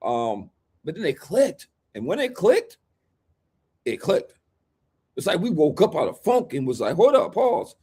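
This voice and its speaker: A high-voiced man talking basketball with a hyped, preachy swagger. He speaks, and his delivery keeps rising into loud, animated riffs. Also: a little slow, long pauses, breathy edge. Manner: hyped, preachy, swings into shouting impressions. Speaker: podcast co-host, basketball fan. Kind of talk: animated sports chat.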